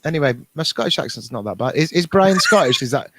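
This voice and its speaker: A man's voice: a little high, expressive, fast talker, background noise. A man co-hosting a casual podcast chat, reading out viewer comments in a jokey, self-mocking way.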